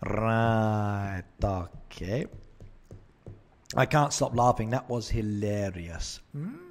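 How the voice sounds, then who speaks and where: Speaking extremely slowly in a fairly low voice, a man hosts a casual live game stream from his home setup in Japan. He replies to viewer comments and laughs frequently into a desk mic.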